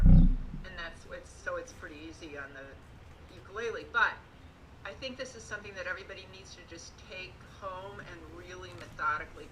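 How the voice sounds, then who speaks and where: A woman student in an online class earnestly advising others to practice methodically. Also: on the low side. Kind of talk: giving advice to the class. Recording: noisy call audio, far from the mic.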